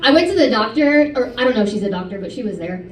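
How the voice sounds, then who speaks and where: A woman in her thirties doing a stand-up comedy set, animated and self-mocking, chatting with the audience. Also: a little high, rapid-fire, noisy background. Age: 30s. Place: comedy club stage. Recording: roomy club sound from a distance. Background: audience laughter.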